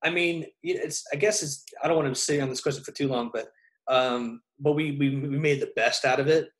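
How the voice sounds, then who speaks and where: A man's voice: fairly high pitch, brisk, rough recording. A young man, a touring musician, chatting casually and telling stories in a loose, rambling way with many restarts. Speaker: touring musician, podcast co-host. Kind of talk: casual chat.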